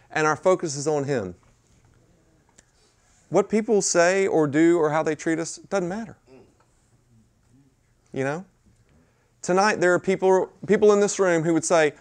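A man preaching a sermon at a mission chapel, talking in a conversational way with sudden loud bursts and hushed asides. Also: a little high. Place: mission chapel with a live audience.

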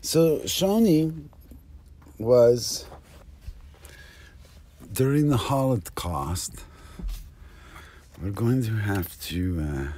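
A man's voice: mid-range voice, animated, very slow, long pauses, dark tone, a little hiss or hum. A man delivering a rambling improvised comic monologue, jumping between topics and cutting himself off. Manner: rambling, jumps between topics, self-interrupting. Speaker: comedic monologuist.

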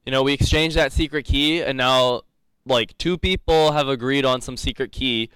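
Smooth, jokey male coding instructor. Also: mid-range voice, moderate pace, a bit bright, dry recording. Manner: rambling, jokey, laughs often. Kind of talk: live coding lecture.

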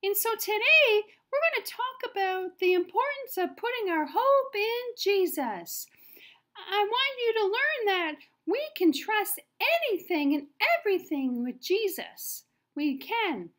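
A woman presenting a children's Sunday school lesson, talking to the kids in an exaggerated, animated way. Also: very high-pitched, measured pace. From Canada.

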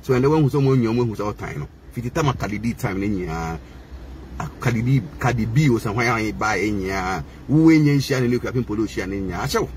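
A man's voice: fairly low pitch, expressive, quick pace, a little mellow, slight background noise. A man with a Ghanaian accent delivering a heated, mocking rant to the camera, switching between languages. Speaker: social media personality.

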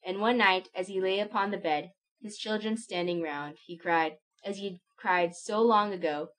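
A woman reading a classic short story aloud in a gentle, measured storytelling voice. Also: on the low side, fairly even intonation, poor audio. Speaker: audiobook narrator. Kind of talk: scripted narration.

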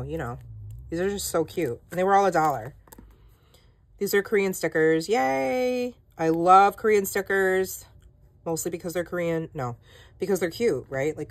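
A woman hosting a casual haul vlog, chatty and self-deprecating, with lots of "like" and "um", often laughing at herself. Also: low voice. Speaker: planner channel host.

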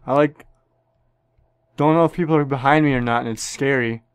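A man's voice: medium pitch, fairly quick, smooth, no room sound. A young man giving profane, joking commentary on a shooter game, with sudden yelps. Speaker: gameplay commentator. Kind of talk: casual gameplay commentary.

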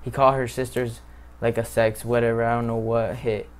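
A man hosting a reaction video, reacting casually with excitable, loud exclamations. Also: medium pitch, fairly quick, very noisy.

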